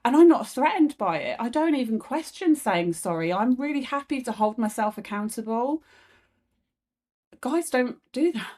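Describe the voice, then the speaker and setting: A woman guest, a comedian, talking frankly and reflectively in a candid conversation, swearing freely. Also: on the high side.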